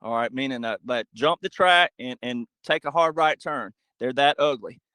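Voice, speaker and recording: A man speaking as a podcast guest in an animated monologue, emphatic and full of rhetorical questions. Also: medium pitch, normal speed, no room sound, poor audio. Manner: acts out quoted voices.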